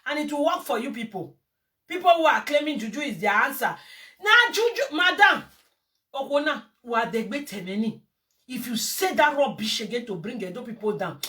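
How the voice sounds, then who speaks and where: A woman's voice: high voice, fairly bright tone. A woman with a Nigerian accent, ranting and scolding in a heated video monologue. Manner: scolding, heated, mixes Pidgin and Yoruba phrases. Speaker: vlogger. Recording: distant from the mic.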